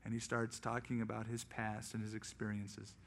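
A male pastor preaching a sermon, acting out quoted voices in lively storytelling. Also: fairly low pitch, normal speed, creaky, a little hiss or hum.

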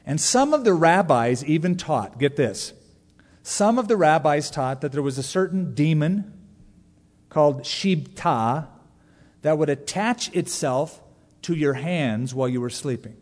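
A man in his forties preaching a sermon to a congregation, joking and animated, leaning hard into emphasis. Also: a little high, a little slow. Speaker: pastor. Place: large church sanctuary. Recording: long reverb of a large church hall.

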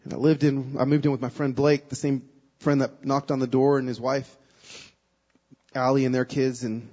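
On a lo-fi recording, a guest preacher tells an emotional personal story in his sermon, alternating quiet stretches with loud pleas. His medium-pitched voice keeps a level tone at a moderate pace.

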